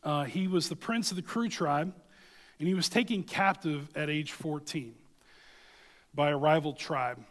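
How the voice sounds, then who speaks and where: A man's voice: on the high side, measured pace, long reverb tail. A man preaching a sermon, reading scripture and telling a story, earnest and emphatic, often checking in with listeners.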